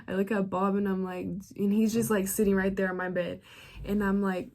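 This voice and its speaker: A woman's voice: medium pitch, level tone, normal speed, darkish tone. A young woman vlogger telling a story to camera in a casual, chatty way, full of slang and "like.". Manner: chatty, filler-heavy slang, frequent "like".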